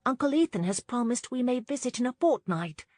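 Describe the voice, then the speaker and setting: Flustered young countess played by a woman, proper, higher and brighter than the narration. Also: lively intonation, fairly quick, no echo, clean studio sound. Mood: wistful.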